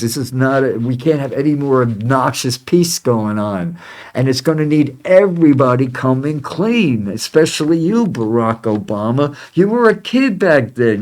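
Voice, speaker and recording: A man hosting his own psychic channel speaks in a loose, wandering monologue, breaking off and starting sentences over and over. His voice sits at an ordinary middle pitch for a man. Now and then he turns heated and indignant. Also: darkish tone. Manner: halting, with many restarts and fillers. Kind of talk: rambling spoken monologue.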